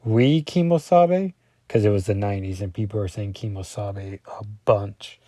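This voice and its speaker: A man's voice: fairly low pitch, monotone, normal speed, mellow, no room sound. A man casually reviewing a comic book page by page, rambling and often correcting himself with lots of ums.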